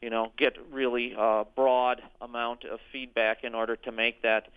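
An orchestra executive director answering radio interview questions, hesitant, with frequent ums and restarts. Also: male voice, medium pitch, level tone, normal speed, smooth. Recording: tinny phone line.

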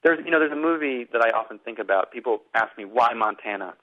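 A man's voice: medium pitch, fast. Man on a tinny phone-like line. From Boston, US. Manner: rambling, with frequent repeated words. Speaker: author and guest. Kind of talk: conversational interview answers.

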